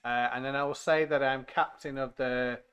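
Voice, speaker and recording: A man's voice: medium pitch, steady tone, normal speed, fairly bright tone, clean tone. A man playing in a tabletop game, hesitant and often restarting his sentences. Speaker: player. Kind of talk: casual tabletop play.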